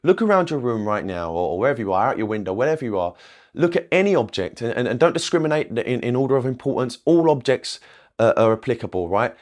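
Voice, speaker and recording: A man's voice: mid-range voice, big pitch swings, fast talker, darkish tone. A man, a manifestation coach, teaching in a casual, rambling way, often checking in with "okay?" and swearing now and then. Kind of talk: casual spiritual teaching to camera.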